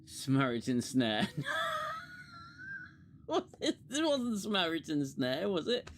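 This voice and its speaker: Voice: mid-range voice, wildly swooping pitch, slow, a little hiss or hum. A podcast co-host in casual chat, giggling and swearing through banter.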